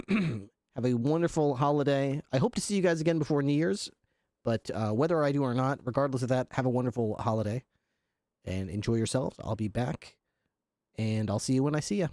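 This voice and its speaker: A man's voice: mid-range voice, a little fast, a little mellow, dry recording, studio quality. A man livestreaming, chatting casually with his viewers, laughing often and swearing. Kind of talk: casual chat with stream viewers.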